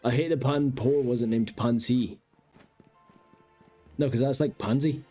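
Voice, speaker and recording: Mellow-voiced male streamer chatting. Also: medium pitch, unhurried, soft background music. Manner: rambling, chatty, thinks aloud to viewers. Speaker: game streamer. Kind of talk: casual live-stream chat.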